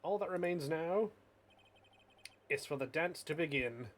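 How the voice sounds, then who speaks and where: A man puts on a theatrical detective who giggles at everyone and speaks in grand pronouncements. His voice sits higher than his own, with a far-off, airy colour. A faint hum of background noise runs underneath. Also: expressive, unhurried. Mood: smug. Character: theatrical self-styled ace detective, giggling, pompous man.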